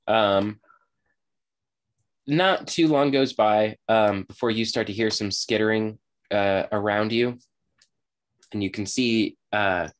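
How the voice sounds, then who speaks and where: A man narrating as game master, relaxed and halting with many fillers. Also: lowish voice.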